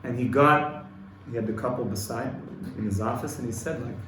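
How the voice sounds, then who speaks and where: A man gives an earnest Torah lesson to a small group, his delivery rhythmic and rising louder when he drives a point home. The room around him is echoey, with a faint hum of ambience underneath. His pitch sits in a middle register. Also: fairly quick. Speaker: rabbi teaching a class. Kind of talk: Torah class lecture.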